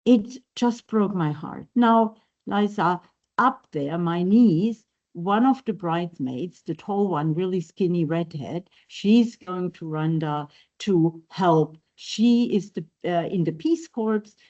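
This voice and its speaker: A woman's voice: lowish voice, lively intonation, slow pace, a little mellow, dull audio. A woman reading aloud the lines of a gushing American wedding guest, voicing her with little acting. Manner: reads aloud plainly, barely acted.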